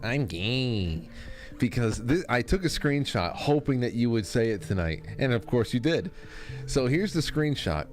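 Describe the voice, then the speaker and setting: A male podcast host, mid-pitched and easygoing. He rambles through his stories, stops himself mid-sentence and laughs along the way. Faint music sits behind him. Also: big pitch swings, a little slow. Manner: rambling, laughing, self-interrupting. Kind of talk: casual comedic chat.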